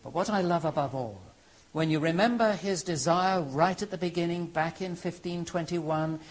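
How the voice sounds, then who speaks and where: A man's voice: on the high side, moderate pace, low-quality recording. Earnest man giving a history lecture. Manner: earnest, emphatic storytelling. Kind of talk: historical lecture with dramatic readings.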